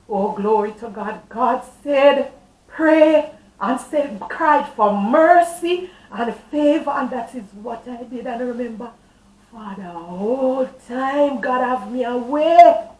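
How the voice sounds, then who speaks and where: A woman's voice: mid-range voice, a little mellow, a little hiss or hum. A middle-aged woman, a guest on a talk show telling her testimony with fervent, emotional storytelling. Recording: roomy echo, distant mic, faint ambience.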